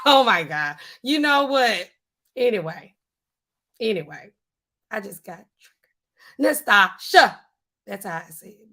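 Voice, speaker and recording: A woman hosting a casual live stream, chatting loosely and reading out viewer comments in animated, slangy speech. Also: on the high side. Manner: chatty, animated, African American Vernacular English (AAVE) style phrasing.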